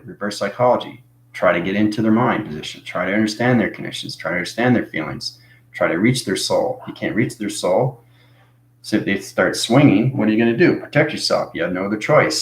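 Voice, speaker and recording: A man giving spiritual advice to viewers, coaxing them along with "okay?" and "right?" and repeating phrases for emphasis. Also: lowish voice. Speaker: spiritual vlogger. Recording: echoey room.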